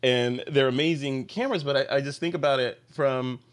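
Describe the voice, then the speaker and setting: A man hosting a casual podcast panel, with a voice of ordinary middle pitch. He talks in an animated, playful way and acts out the people he describes. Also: brisk. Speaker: podcast host.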